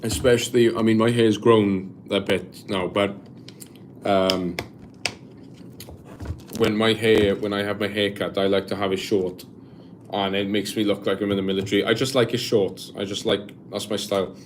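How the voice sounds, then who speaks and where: A Welsh man in his twenties chatting casually on a live stream, reading viewer comments aloud and answering in a halting, rambling way with lots of restarts. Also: on the low side, flat delivery, a little hiss or hum. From Wales. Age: 20s.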